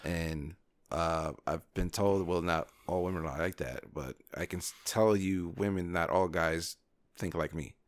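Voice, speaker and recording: A man with a very low, deep voice, talking earnestly in a casual podcast conversation. He pauses and restarts as he searches for words. The sound is close and dry. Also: no room sound. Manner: earnest, hesitant, restarts often. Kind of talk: casual chat.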